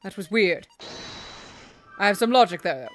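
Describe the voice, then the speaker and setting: A woman's voice: mid-range voice, lively intonation, moderate pace, faint music behind. A woman streamer commenting casually while playing a game, with murmured asides.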